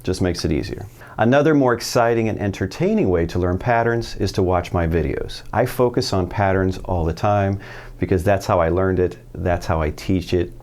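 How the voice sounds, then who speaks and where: A man's voice: sits low, moderate pace, a little mellow. A man teaching a casual Spanish video lesson, asking the viewer questions and answering them himself in an upbeat way.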